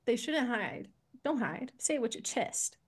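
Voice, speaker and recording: A young woman co-hosts a casual podcast and tells a personal story in an animated way. Her voice sits a little high, and she fills her talk with "like" and laughs. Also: a little slow, breathy edge. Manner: animated storytelling with many likes, laughs often. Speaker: podcast co-host.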